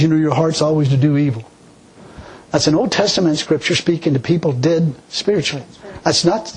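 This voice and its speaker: A man preaching a sermon and telling his own story, in a folksy, conversational way with many restarts. He drops into a low, slow voice when he quotes God. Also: breathy edge, low-quality recording. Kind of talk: sermon with personal testimony.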